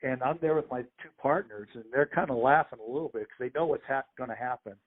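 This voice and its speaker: A middle-aged man with years as a sports official guests on a podcast, telling lively anecdotes in a conversational interview and mimicking the voices of the people he quotes. His mid-pitched, slightly breathy voice moves quickly and arrives over a thin, tinny phone connection.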